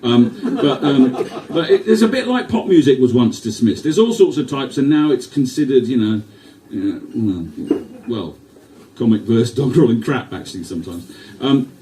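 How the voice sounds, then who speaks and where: A man's voice: medium pitch, big pitch swings, normal speed, warm tone, a little hiss or hum. A man performing his poems live to an audience, with wry, self-deprecating banter and the odd swear word between pieces. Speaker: performance poet. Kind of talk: live poetry reading with banter. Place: live venue before an audience. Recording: distant mic in a live venue.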